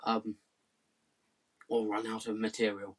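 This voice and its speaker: A man from southwest England doing rambling comic patter between songs, hesitant and deadpan, full of ums and restarts. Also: lowish voice, measured pace, noisy background. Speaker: comedy musician hosting a live stream.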